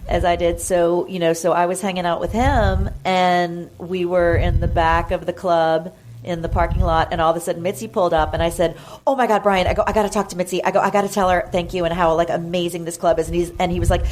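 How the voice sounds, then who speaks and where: A woman's voice: fairly low pitch, fairly even intonation, fast talker, a little mellow. Chatty woman telling a story. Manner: chatty, gushing, full of fillers and acted-out quotes. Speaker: podcast guest. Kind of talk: casual storytelling chat. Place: podcast studio.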